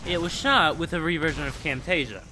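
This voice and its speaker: Young male vlogger, slightly high and sharp-toned, excitable rambler with heavy filler words. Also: fairly quick, faint music behind. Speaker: gaming channel host. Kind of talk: casual storytelling vlog.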